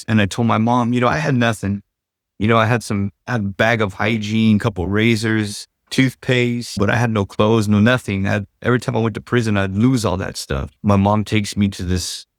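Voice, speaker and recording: A man's voice: lowish voice, dry recording, studio quality. A middle-aged man from Southern California telling his life story in a loose, casual way, full of "like" and "you know".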